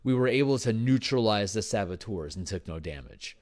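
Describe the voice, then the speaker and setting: A tired man working through game design on a livestream, thinking aloud with halting restarts and repeats. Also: fairly low pitch, animated, darkish tone. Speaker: game designer streaming his work.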